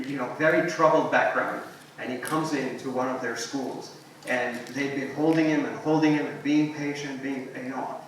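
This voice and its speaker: Male speaker, storytelling keynote, animated, very roomy hall, distant mic. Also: medium pitch, slight background noise. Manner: animated storyteller, voices quotes, drops to soft tones. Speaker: invited speaker. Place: symposium hall. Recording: echoey hall, picked up from afar.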